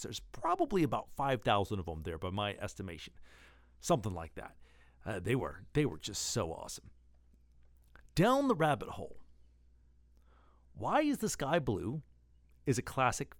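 A male host reads his scripted newsletter with a lively, playful delivery and swooping pitch. The recording is dry and close, with no room sound. He sounds relaxed and at ease with the script. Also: no echo. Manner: animated, playful.

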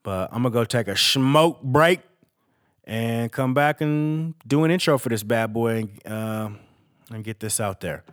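A podcast host with a mid-range voice speaks a little slowly in a candid, rambling monologue. He's emotional and reflective, and he swears freely in this casual talk.

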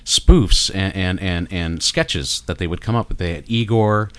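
Rambling Canadian man, low voice. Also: unhurried, fairly bright tone, smooth, no room sound. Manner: rambling, enthusiastic, many fillers and restarts. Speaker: guest artist. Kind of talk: casual interview chat.

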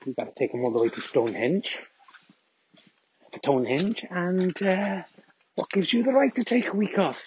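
A man's voice: high voice, moderate pace, pauses often, darkish tone, muffled recording, a little hiss or hum, voice pushed up, close to an everyday voice. A man putting on a grumpy Welsh complainer. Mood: indignant. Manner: indignant, scolding, rising whine. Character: grumpy middle-aged male Welsh listener complaining.

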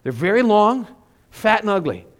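A middle-aged male pastor preaching a sermon, telling stories with animated, self-mocking humor. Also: high-pitched, normal speed.

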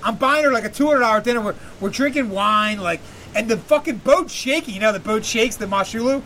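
A man's voice: high-pitched, a little fast, sharp tone, a little hiss or hum. A man hosting a podcast, telling a long profane story in a rambling casual way and laughing often. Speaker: podcast host.

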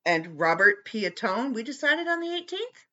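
A woman hosting her own podcast in casual chat, animated and playfully bickering with someone off-mic. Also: a little high, normal speed, highs cut off. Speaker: podcast host.

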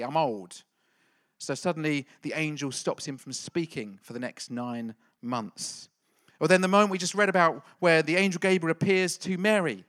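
Male pastor, middle-aged, playful teasing delivery, tense bright tone. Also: fairly high pitch. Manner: playful, jokey, quizzes the congregation. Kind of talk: lively church talk with a quiz.

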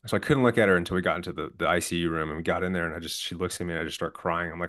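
Guest, man in his 20s, low register, earnest and candid storyteller, plain-spoken. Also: rapid-fire, hardly any pauses. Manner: calm, earnest, candid with profanity. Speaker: podcast guest. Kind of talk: personal storytelling.

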